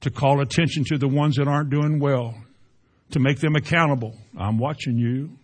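A man's voice: medium pitch, fairly even intonation, normal speed. A man preaching a sermon as a pastor, growing emphatic as he quotes scripture. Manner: preaching with rising emphasis and Bible quotations.

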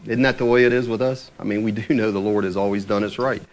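A man with a lowish, steady voice talks quickly. He preaches in a conversational Bible-teaching way, going through the text verse by verse, putting questions to his listeners and chuckling now and then.

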